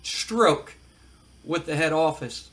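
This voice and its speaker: A man's voice: a little high, slow pace, fairly bright tone. A man voicing a laid-back, mocking male wrestler who drawls and coaxes, calling everyone man. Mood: mock hurt. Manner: drawling, coaxing, keeps saying man.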